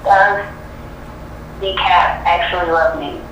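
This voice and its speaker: A woman caller speaks in an agreeable way and often repeats herself. Her voice is bright and tense but slightly low. She sounds far from the mic in a very echoey space. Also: fairly even intonation, takes it slowly, dull audio. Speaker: caller getting a reading. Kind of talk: live call-in chat. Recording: distant echoey call line with faint noise.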